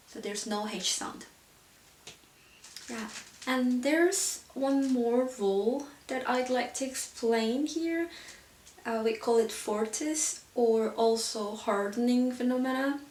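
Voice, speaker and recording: A woman with a somewhat high voice leads an online pronunciation lesson. She explains each point patiently and fills gaps with a relaxed "so yeah." The sound is roomy and reverberant, with her voice heard from a little way off the mic. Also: distant mic. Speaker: language teacher. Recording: roomy echo, voice set back from the mic.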